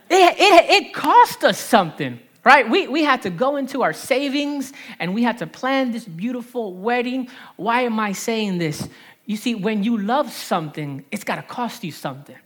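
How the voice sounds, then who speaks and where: A woman in her thirties with a New Jersey accent, preaching a lively sermon with call-and-response and repeated phrases. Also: on the high side, normal speed. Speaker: pastor.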